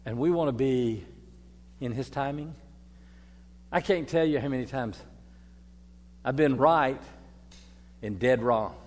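An older man, preaching a folksy sermon as priest, moving from quiet reflection to loud storytelling. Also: mid-range voice, slow pace, pauses often. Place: church. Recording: long reverb of a church hall.

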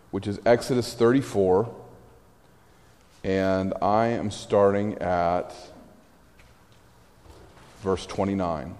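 A man preaching a conversational sermon, telling the story with animated energy and wry asides. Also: deep voice, takes it slowly, pauses often. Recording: echoey hall.

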